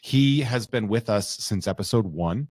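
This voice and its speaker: Man, podcast co-host, low voice, dry mic, swears freely while telling stories. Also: normal speed, no echo. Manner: profane, animated storyteller. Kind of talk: casual podcast chat.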